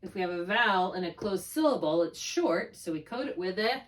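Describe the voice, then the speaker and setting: A woman's voice: mid-range voice, lively intonation, brisk, far from the mic. A woman tutoring a student one on one, explaining spelling rules patiently step by step and checking often that it makes sense. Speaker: reading tutor.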